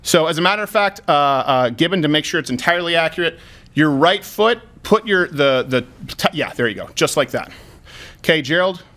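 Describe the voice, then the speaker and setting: A man's voice: a little high, animated, brisk, bright, forceful tone. A man hosting a live studio show, giving instructions and explaining a demonstration as it happens. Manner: commanding, giving instructions, often muffled with face to the floor. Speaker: host. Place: studio room.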